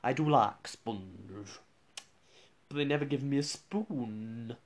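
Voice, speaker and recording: A man's voice: medium pitch, slow. Rambling man telling stories. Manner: rambling storyteller with frequent restarts and chuckles. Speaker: radio presenter. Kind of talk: casual anecdotal chat.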